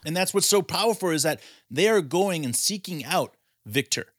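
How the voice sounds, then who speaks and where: A man's voice: a little high, animated, moderate pace, a bit bright, no room sound, studio quality. A man co-hosting a casual sports talk show, arguing his point with rambling sentences and rhetorical questions. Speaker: podcast co-host.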